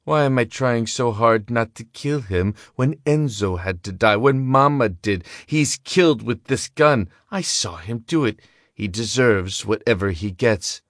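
A man's voice: medium pitch, measured pace, dry recording, studio quality, natural voice. A man reading a grim young man's thoughts. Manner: grim, brooding inner voice.

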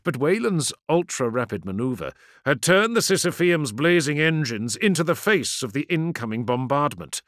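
Male audiobook narrator, bright voice, dry close recording, dramatic reading. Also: on the high side, big pitch swings, normal speed, no room sound. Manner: dramatic, vivid battle narration.

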